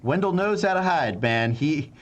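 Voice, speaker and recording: A man narrating as game master in a tabletop game, halting with frequent fillers and restarts. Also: fairly high pitch, expressive.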